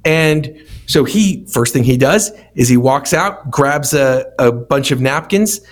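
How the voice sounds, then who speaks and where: A man's voice: mid-range voice, takes it slowly. A man who runs a restaurant feedback company, telling stories in a casual conversation and acting out what people said. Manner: storytelling, animated quoting of others.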